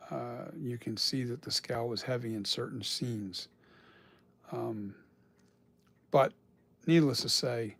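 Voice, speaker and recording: A man's voice: medium pitch, gravelly. A man chatting casually on a live stream about sculpting masks, rambling and swearing now and then as he talks.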